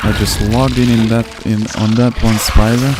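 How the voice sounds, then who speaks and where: A gaming channel host with a mid-range, flat voice plays through a casual let's-play at a moderate pace, joking and talking to himself. Loud game music sits behind his voice, adding heavy background noise.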